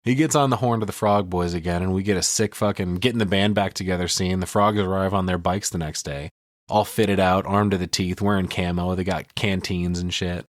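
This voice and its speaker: Man, low voice, dry close sound, profane, joking, casual podcast chat. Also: dry recording. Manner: profane, animated storyteller with quick jokes. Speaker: podcast co-host recapping a film.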